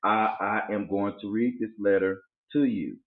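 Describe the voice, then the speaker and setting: A man's voice: lowish voice, steady tone, normal speed. A man hosting a casual chat show, telling stories with animation and acting out other people's voices. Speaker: podcast host. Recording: tinny phone-like audio in an echoey room.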